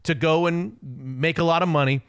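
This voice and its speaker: A man hosting a sports radio show, talking in an opinionated, emphatic, rapid way. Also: on the high side, steady tone, clean tone. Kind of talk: casual sports talk.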